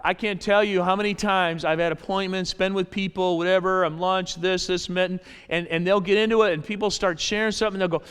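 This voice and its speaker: Casting: male pastor, high clear voice, lively sermon delivery, long church-hall reverb. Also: fairly quick, hardly any pauses. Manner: animated, repeats phrases, acts out voices in quotes. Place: church sanctuary.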